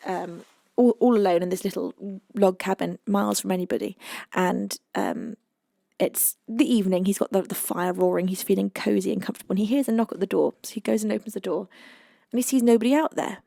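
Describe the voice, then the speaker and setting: A woman's voice: mid-range voice, gravelly, a little mellow, dry recording, studio quality. A British woman hosting a music live stream, chatting casually and reading viewer comments, giggly and playful.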